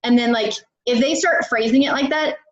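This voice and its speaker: A woman's voice: fairly high pitch, a little fast. A woman dietitian coaching parents on a live call, chatty, with many "like"s and restarts. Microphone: video call. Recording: roomy, muffled call audio.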